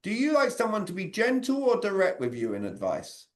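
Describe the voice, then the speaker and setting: A man, leading an interactive sales communication training over a video call and quizzing his audience. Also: sits high. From Britain. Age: 40s. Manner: energetic, quizzes the audience with quick questions.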